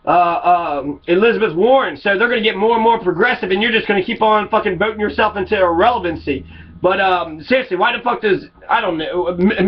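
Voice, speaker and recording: Furious swearing man, high voice. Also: highs cut off. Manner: angry, swearing, repetitive. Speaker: political commentator. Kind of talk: profane political rant.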